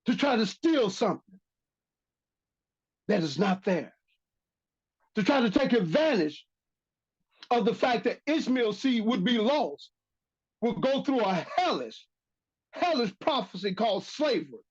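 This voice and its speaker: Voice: mid-range voice, sing-song, measured pace, pauses often, husky. A religious teacher giving a bible lesson, reading verses aloud and repeating key phrases for emphasis. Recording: dull lo-fi recording.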